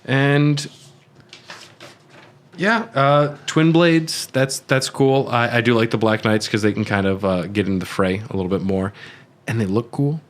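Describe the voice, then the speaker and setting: A man's voice: mid-range voice, measured pace. A man co-hosting a casual gaming podcast, reading item descriptions and then riffing loosely, with the odd curse. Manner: relaxed, reads item text then riffs with swearing. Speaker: podcast co-host.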